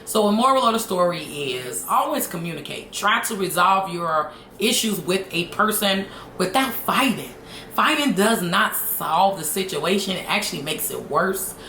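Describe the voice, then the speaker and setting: A woman in her thirties telling a personal story to her viewers in a casual, animated and emphatic way, often addressing them directly. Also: lowish voice, normal speed, reverberant, a little hiss or hum. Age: 30s. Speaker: vlogger.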